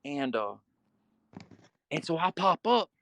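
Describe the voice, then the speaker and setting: A man's voice: fairly high pitch, big pitch swings, slow, fairly bright tone. A man telling a guest story in casual, vivid, profane talk and acting scenes out.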